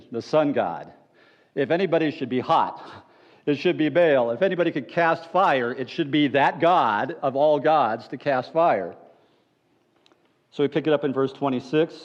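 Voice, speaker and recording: Animated male pastor preaching a sermon. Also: dull audio. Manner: animated, playful storytelling that drops to low earnest appeals.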